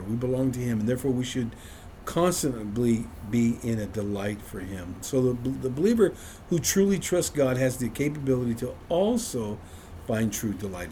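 A man's voice: mid-range voice, mellow, slight background noise. A man leading an informal Bible study for a small group, conversational and self-deprecating, often chuckling.

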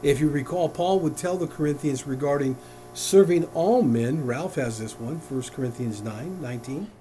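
A man's voice: fairly high pitch, moderate pace, dark tone, slight background noise. A man preaching a sermon to a congregation, asking questions of the room and chuckling at his own points. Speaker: pastor.

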